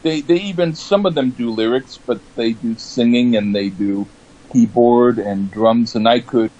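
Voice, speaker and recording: Halting, flat-voiced man. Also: medium pitch, highs cut off. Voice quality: flat, monotone delivery. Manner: halting, many repeated words, restarts. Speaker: songwriter. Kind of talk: casual chat.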